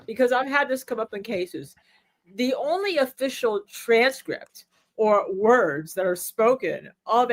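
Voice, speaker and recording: A woman lawyer co-hosting a live legal show, explaining court procedure in an instructive, coaching way. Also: medium pitch. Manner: animated, instructive, coaching her co-host. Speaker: co-host and lawyer. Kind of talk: live legal analysis chat.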